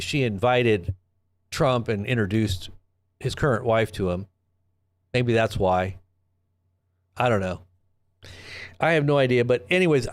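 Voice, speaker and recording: A man hosting a live commentary stream, talking in a rambling, sarcastic way with frequent restarts and rhetorical questions. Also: medium pitch. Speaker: host of a live news commentary channel.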